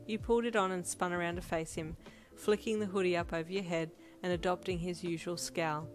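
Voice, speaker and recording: A woman narrating a second-person fan fiction audiobook in a steady storytelling read. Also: fairly low pitch, a little fast. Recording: loud music bed under voice.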